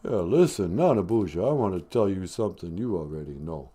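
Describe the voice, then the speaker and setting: A man putting on the voice of a gravelly, mumbling tough-guy boxer who phones in to a show. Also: sits low, animated, warm tone, pitched below the performer's own voice. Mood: gruff. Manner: mumbling, halting, slurred tough-guy drawl. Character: gravelly tough-guy boxer calling in, male, middle-aged. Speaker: caller.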